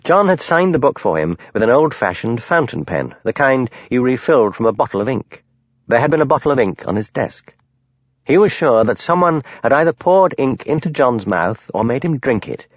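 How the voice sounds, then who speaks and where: A man narrating a mystery audiobook in a measured, expressive storytelling manner. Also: mid-range voice, no room sound.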